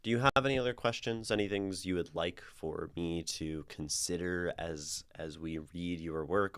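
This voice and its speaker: A man's voice: sits low, a bit bright, clear, resonant tone. A man streaming a casual poetry critique, chatting in a rambling way with restarts and tag questions. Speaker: streamer reviewing community writing.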